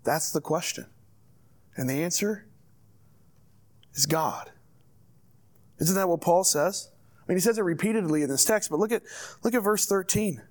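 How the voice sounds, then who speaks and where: Guy pastor w/ a high voice, preaching earnest and direct to his church. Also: moderate pace, long pauses. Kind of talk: sermon.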